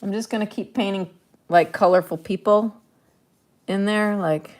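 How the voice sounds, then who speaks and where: A woman's voice: mid-range voice, steady tone, moderate pace, darkish tone. A woman artist talking casually to the viewer as she paints, chatty, playful and thinking aloud. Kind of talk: casual narration while painting.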